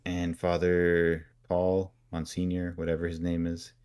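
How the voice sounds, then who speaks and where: A man's voice: low-pitched, monotone, darkish tone, clear, resonant tone. A man co-hosting a podcast, casually recapping a story and briefly acting out characters' lines. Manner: acts out characters' lines in quick put-on voices. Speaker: podcast co-host.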